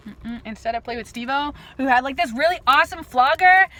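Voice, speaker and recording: A woman's voice: high voice, expressive, fairly quick, pushed and bright, slight background noise. A woman chatting casually on a livestream, giggly and rambling, with lots of "like" fillers. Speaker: livestream host.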